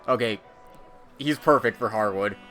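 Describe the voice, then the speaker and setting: A male streamer in casual, joking commentary over his gameplay. His voice is bright and irreverent. Faint game music plays under him. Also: fairly low pitch, normal speed. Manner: joking, irreverent, swears freely. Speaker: let's play streamer.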